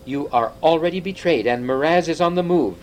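A man reading an audiobook, voicing an excitable old half-dwarf scholar who lectures briskly. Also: a little high, slight background noise, pitched above the performer's own voice, natural voice, poor audio. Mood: urgent.

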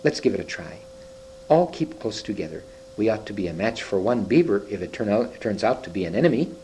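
A man's voice: lowish voice, very animated, brisk, mellow, a little hiss or hum, rough recording. A man reading the lines of a brave, polite eldest boy in a storybook. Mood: earnest.

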